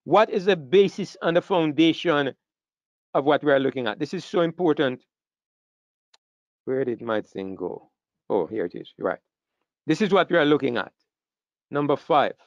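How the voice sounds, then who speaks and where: A man's voice: a little high, lively intonation, moderate pace, long pauses, no room sound. A man preaching a sermon, emphatic and repetitive, asking questions and answering them himself. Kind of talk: sermon lecture. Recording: dull lo-fi sound, dry.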